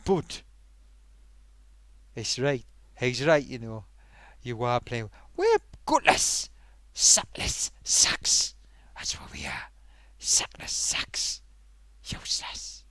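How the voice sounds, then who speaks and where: A man's voice: mid-range voice, slow pace, pauses often, smooth, no echo, voice pushed down, close to an everyday voice. A man voicing a melodramatic male potato, a gloomy football fan who swings from grand speeches to whispered despair. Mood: anguished.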